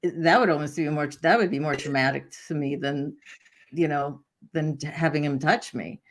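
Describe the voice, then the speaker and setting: Low-voiced woman host, gently supportive. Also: fairly even intonation, moderate pace. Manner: supportive, frequent affirmations, gentle reassurance. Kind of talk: supportive conversation.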